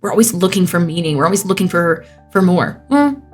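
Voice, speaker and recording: A young woman talking casually and earnestly to camera, answering viewer questions with lots of "like" fillers and easy laughs, with soft music behind her. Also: fairly low pitch, animated, fairly quick. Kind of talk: casual reflective monologue.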